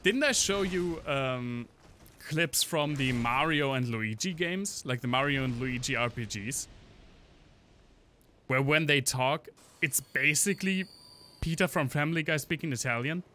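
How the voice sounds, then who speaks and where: A man's voice: medium pitch, unhurried, sharp tone, a little hiss or hum. A man casually commenting on a game stream, joking and chatting with his viewers while he plays. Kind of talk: casual gameplay commentary to chat.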